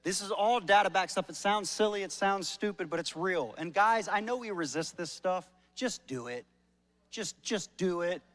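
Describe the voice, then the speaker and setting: Male pastor, fairly high voice, casual joking sermon delivery with stumbling restarts. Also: moderate pace, a bit bright. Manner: conversational and joking, repeats words when starting sentences. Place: church service.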